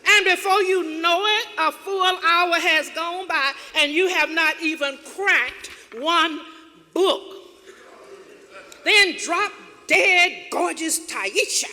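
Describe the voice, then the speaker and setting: A woman with a high, bright, forceful voice delivers a motivational keynote at a slow, deliberate pace. Her phrasing rides on rhythmic repetition that keeps building emphasis. Her voice rings through a reverberant auditorium with an audience faintly present. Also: animated. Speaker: keynote speaker. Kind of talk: motivational speech.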